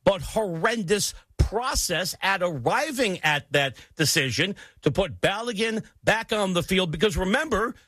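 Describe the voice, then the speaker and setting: Bright-voiced American sports talk host. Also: male voice, sits high, unhurried, hardly any pauses, no echo, clean studio sound. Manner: emphatic, opinionated, animated delivery.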